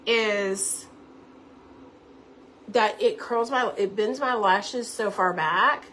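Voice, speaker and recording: With a mid-range, slightly bright voice, the makeup seller chats her way through a home tutorial, explaining every step and addressing viewers directly. There's slight noise in the background.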